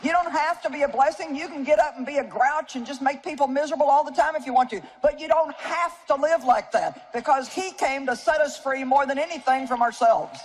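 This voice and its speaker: A woman's voice: high-pitched, brisk, few pauses, a little hiss or hum. Folksy older woman preaching with humor. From Missouri, United States. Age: 70s. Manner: folksy, humorous storytelling with audience asides. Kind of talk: sermon to a live audience. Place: stage before an audience.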